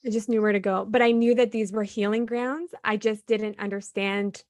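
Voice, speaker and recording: A woman guesting on an interview shares her personal story with animation, slipping into the voices of herself and others from past conversations and laughing between phrases. Her pitch is medium, her pace moderate, and there's no echo.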